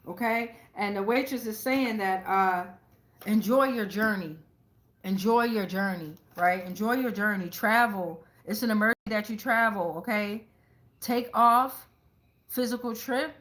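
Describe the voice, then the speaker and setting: A woman giving a casual tarot reading to her viewers, talking excitably with lots of profanity, repeating phrases and checking in with "right?" again and again. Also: mid-range voice, echoey room. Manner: profane, keeps asking "right?". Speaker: tarot reader.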